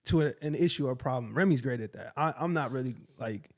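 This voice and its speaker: A man's voice: mid-range voice, fast talker. A man hosting a casual podcast interview, laid-back and slangy, laughing often as he asks questions.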